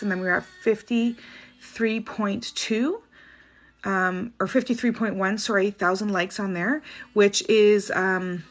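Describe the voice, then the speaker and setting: A Canadian woman hosts a livestream, reading out viewers' names and questions one after another and giving short answers. Her voice has a gravelly, fry-edged texture at a middling pitch. Faint music plays underneath. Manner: reads out names and questions briskly, soft apologetic asides. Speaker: spiritual reader doing live dowsing rod answers.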